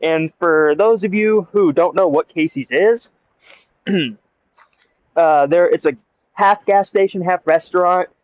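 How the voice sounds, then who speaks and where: A young American storyteller vlogger casually tells a rambling story outdoors, laughing often, through earbud mics. His voice is high-pitched and unhurried with long pauses, and the lo-fi recording is dry, muffled and echo-free.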